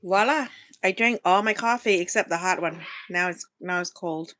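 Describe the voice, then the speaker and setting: A woman's voice: fairly low pitch, normal speed, noisy background. A woman hosting a casual live-stream chat for her food channel, rambling and laughing often as she talks straight to her viewers while sipping coffee.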